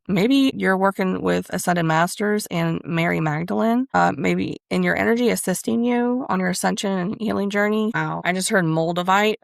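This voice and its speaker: Heavily gravelly woman, dry close sound. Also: fairly low pitch, dry recording. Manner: rambling, candid, confiding; talks to spirit aloud while channeling. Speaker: spiritual reader and channel host. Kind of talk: casual spiritual reading and personal story.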